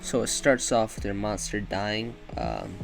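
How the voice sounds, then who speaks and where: A man's voice: fairly low pitch, measured pace, gravelly, over music, rough recording. A man giving a rambling, profane, casual review of a video game, often correcting himself.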